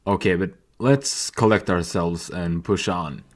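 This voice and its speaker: A young man narrating a video essay in a candid, animated way that includes swearing. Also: low-pitched, a little slow, few pauses, faint music behind.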